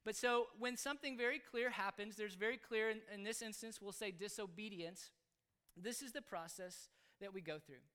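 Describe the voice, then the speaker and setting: A man explaining how he raises his children, speaking earnestly in halting phrases. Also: high-pitched, pushed and bright, clean tone. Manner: earnest, halting, with frequent restarts. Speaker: father explaining his parenting. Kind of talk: casual spoken explanation.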